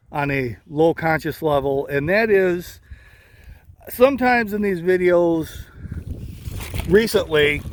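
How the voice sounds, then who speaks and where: A man vlogging casually, talking slowly and rambling with a slight lisp, from inside a vehicle. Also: on the high side, a little hiss or hum. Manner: slow, rambling, many uh fillers. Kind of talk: casual vlog talk.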